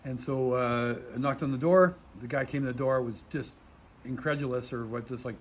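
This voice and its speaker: A man's voice: mid-range voice, normal speed, slight background noise. Rambling man telling a war story. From Canada. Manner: rambling, animated, many fillers, swears. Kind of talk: casual storytelling in an interview. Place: outdoors in a war zone.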